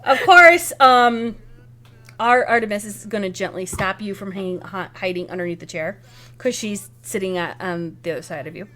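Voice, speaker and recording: A woman running a tabletop role-playing game as game master, narrating scenes in a lively, descriptive way with frequent self-corrections. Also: medium pitch, normal speed.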